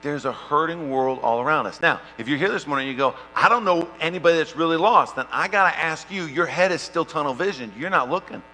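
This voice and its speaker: Bright-voiced preacher in an echoing hall. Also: male voice, on the high side, quick pace, hardly any pauses. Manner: animated storytelling, swings from loud to hushed. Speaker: pastor. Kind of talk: sermon with personal story. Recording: long hall reverb, faint mains hum.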